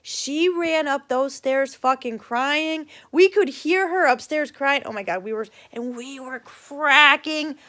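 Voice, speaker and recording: This middle-aged woman vlogger has a high-sitting voice and talks slowly with hardly any pauses. Casually telling a childhood story, she is animated, swears freely, and acts out the quoted voices.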